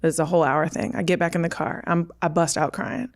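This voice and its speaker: A woman's voice: lowish voice, little pitch movement, fairly quick. A woman in her thirties telling a candid personal story on a podcast, emphatic, acting out what others said. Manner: emphatic, acts out quoted dialogue. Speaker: podcast guest.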